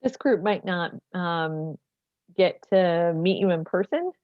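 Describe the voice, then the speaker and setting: Woman, very low voice, tinny phone-like sound, dry, hesitant question. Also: expressive, slow, no room sound. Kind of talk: asking a question on a video call.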